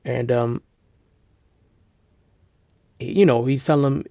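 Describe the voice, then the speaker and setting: A man casually retelling a story, rambling with slang, fillers and restarts, and getting loud and animated at the big moments. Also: mid-range voice, takes it slowly, no room sound. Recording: dull lo-fi recording.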